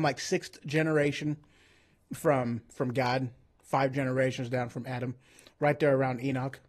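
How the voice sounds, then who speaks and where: A man's voice: a little high, a little mellow. A man hosting a casual livestream, rambling and going off on tangents, joking at his own expense, and saying he feels like he is coming down with a cold. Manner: rambling, self-deprecating, goes off on tangents. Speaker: streamer host. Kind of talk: casual livestream chat about the Bible.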